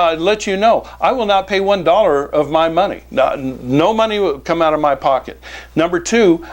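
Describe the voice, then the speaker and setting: A business coach and author gives a folksy sales pitch straight to the camera. He keeps calling his listeners "folks" and drives his points home through emphatic repetition.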